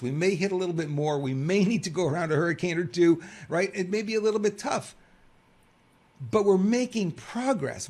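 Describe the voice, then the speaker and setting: Gravelly rambling middle-aged male host. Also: on the high side. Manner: rambling and conversational, many fillers. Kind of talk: political commentary monologue.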